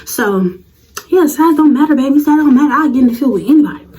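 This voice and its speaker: A 19-year-old woman telling a storytime vlog in a slangy, animated way. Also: high-pitched, quick pace, low-quality recording. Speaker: vlogger.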